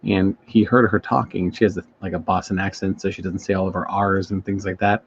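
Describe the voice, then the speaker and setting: A married man co-hosts a casual podcast, telling rambling stories in a laid-back way. His voice is low and level, his pace brisk, with slight background noise on a dull lo-fi recording.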